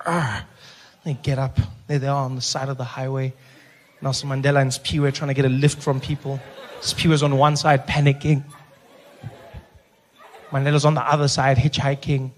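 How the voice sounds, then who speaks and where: A young man with a South African accent doing an animated stand-up set. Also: mid-range voice, moderate pace, long pauses, background noise. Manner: animated storytelling, shifting into voices. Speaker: stand-up comedian. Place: live stage with audience.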